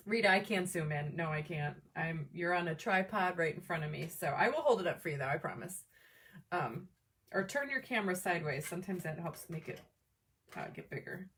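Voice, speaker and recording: A woman hosting a live crafting demo from home, chatting with viewers by name in an excitable, chatty way. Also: lowish voice, fairly quick, recorded from a distance. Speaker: crafting livestream host. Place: home craft table, camera on tripod.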